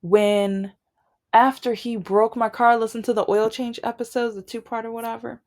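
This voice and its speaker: A woman's voice: on the high side, flat delivery, normal speed, darkish tone. A woman vlogger telling a long personal grievance story in a casual, rambling way, with many restarts.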